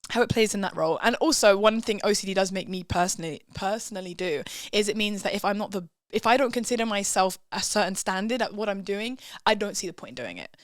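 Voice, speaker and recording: A woman's voice: medium pitch, quick pace, hardly any pauses, no room sound, clean studio sound. A young woman, a guest musician chatting candidly and self-deprecatingly on a podcast. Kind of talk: casual podcast chat.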